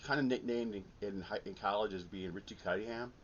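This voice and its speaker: A middle-aged man from the American Midwest talks in a low voice, wandering through his thoughts with plenty of ums and false starts. It is a casual vlog recorded on a camera mic, with a dull, lo-fi sound and a faint rumble underneath. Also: a little fast. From Milwaukee, Midwest US. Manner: rambling, many ums and restarts. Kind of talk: casual vinyl collecting vlog.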